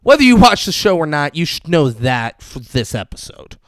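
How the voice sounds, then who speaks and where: A man co-hosting a podcast, casually recapping a TV episode with animated, profane retellings and frequent laughs. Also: a little high, moderate pace, no echo, studio quality. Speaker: podcast co-host.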